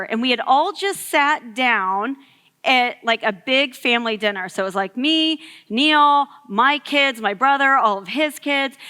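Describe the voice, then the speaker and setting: Bright-voiced woman preaching in a hall. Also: high voice. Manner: storytelling, conversational with many fillers. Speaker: youth ministry speaker. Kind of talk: sermon. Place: church hall. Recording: echoey hall.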